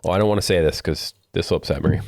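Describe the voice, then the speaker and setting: Middle-aged man, deep low voice, casual podcast chat, laughs a lot, dry close sound. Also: very fast, creaky, a little mellow, no room sound. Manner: chatty storyteller, laughs often. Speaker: podcast co-host.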